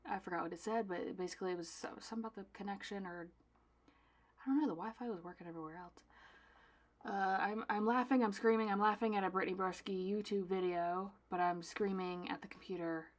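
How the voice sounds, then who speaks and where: A young woman artist chatting casually while she packs her own orders, dramatic and self-mocking, swinging between loud bursts and soft asides. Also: medium pitch, steady tone, quick pace. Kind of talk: casual vlog chat.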